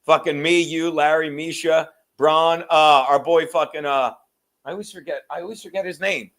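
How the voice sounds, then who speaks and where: High-voiced profane rambling podcast host. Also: male voice, fairly even intonation, normal speed, fairly bright tone. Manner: rambling, profane, laughs often. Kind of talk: casual chat.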